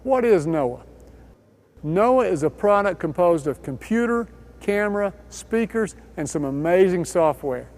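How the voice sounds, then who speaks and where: Narrating an instructional training video, a man with a distinctly high voice takes each point step by step in a scripted, measured way. His intonation is lively, and his tone is a little mellow.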